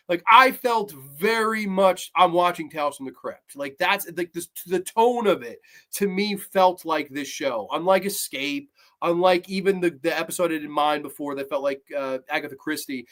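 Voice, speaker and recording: He has a high-pitched voice. Going over a horror series episode in a casual review, he recounts the plot in an excitable, rambling way, swearing freely.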